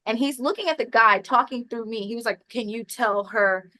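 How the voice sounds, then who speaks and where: A woman's voice: on the high side, normal speed, low-quality recording. A woman with a Texan accent, a podcast guest who tells a story casually and acts out the people in it. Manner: animated, acts out voices in her stories with laughs. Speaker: podcast guest, roofing business owner.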